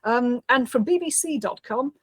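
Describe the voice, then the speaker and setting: Husky-voiced woman co-hosting a podcast. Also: on the high side, animated, normal speed, no room sound. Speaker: podcast co-host. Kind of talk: casual chat recapping an episode.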